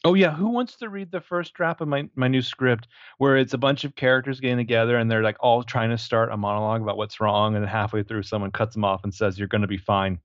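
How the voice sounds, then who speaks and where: A man's voice: medium pitch, fairly even intonation, fast talker, no echo, highs cut off. A man co-hosting a podcast, chatting casually and sarcastically about a film, swearing and laughing often. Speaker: podcast co-host. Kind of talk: casual movie review chat.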